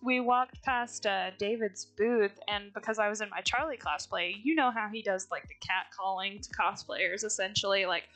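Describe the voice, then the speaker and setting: A woman's voice: medium pitch, normal speed, few pauses, fairly bright tone, no room sound. A woman artist chatting casually with a friend while drawing, laughing often and speaking bluntly with some swearing. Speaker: artist streamer.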